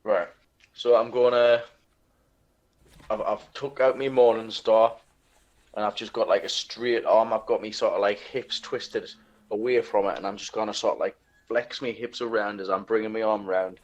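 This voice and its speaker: A man's voice: lowish voice, steady tone, normal speed, lo-fi sound. An older man playing a tabletop game, describing his character's moves crudely and with lots of swearing. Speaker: player. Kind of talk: casual tabletop play.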